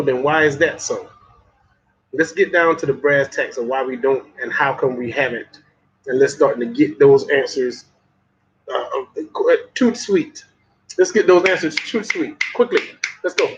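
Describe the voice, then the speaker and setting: Man, Southern accent, husky, motivational vlog rant, muffled recording. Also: fairly high pitch, a bit bright. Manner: preachy, profane, folksy, repeats lines for emphasis. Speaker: motivational vlogger. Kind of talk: fiery motivational monologue. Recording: muffled lo-fi audio.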